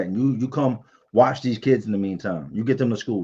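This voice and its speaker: A man's voice: fairly low pitch, fairly quick, hardly any pauses, a little mellow, slightly rough, muffled recording. A man hosting a casual livestream, candidly telling personal stories and answering viewer comments. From Virginia, US.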